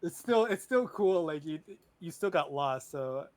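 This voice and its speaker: A man's voice: on the high side, animated, unhurried, darkish tone, rough recording. A man narrating a tabletop game as dungeon master in a chatty, loose way over a video call. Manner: chatty, loose, many "like" fillers.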